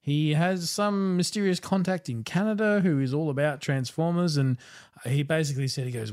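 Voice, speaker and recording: An Australian man co-hosting a podcast in relaxed, casual chat, often chiming in with short responses. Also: on the high side, fairly quick. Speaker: podcast co-host.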